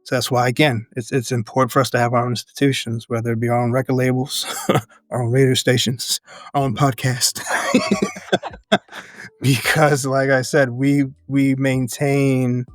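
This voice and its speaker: A man's voice: mid-range voice, steady tone, no room sound, studio quality. Earnest man talking, laughing often. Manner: earnest, speaks in measured phrases and laughs often. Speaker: podcast guest, educator and activist. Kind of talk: reflective interview conversation.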